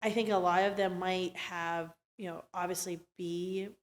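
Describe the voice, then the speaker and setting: A woman's voice: on the low side, fairly even intonation, a little slow. Chatty middle-aged woman hosting an interview. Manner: chatty, rambling with many fillers and restarts. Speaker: interview host. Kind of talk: casual conversational interview.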